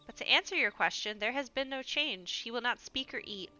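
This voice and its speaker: A woman voicing an earnest, compassionate young woman adventurer, reading game dialogue aloud in a gentle, pleading way. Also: on the high side, lively intonation, brisk, highs cut off, soft background music. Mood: tender, earnest.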